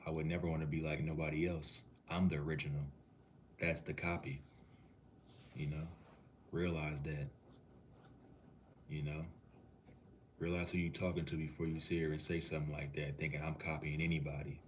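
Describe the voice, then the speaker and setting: Super deep flat-voiced guy from minneapolis just vibing with his stream chat. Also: moderate pace, pauses often, slight background noise. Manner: laid-back, easygoing, talks to the chat like a cool uncle. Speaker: livestreamer. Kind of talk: casual livestream chat, answering viewers' comments.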